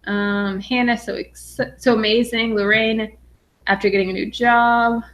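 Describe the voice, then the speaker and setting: A young adult woman from Western Massachusetts, a finance vlogger excitedly reading viewer comments on a casual live stream, with lots of "um"s. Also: fairly high pitch, unhurried. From Western Massachusetts, USA. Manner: bubbly and excited, frequent "um"s.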